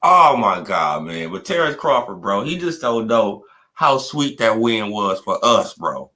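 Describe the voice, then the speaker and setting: Young guy on a live stream, bright voice, trash talking and laughing loud. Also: lowish voice, very animated, a little slow. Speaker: boxing commentary streamer. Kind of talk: animated casual live-stream rant.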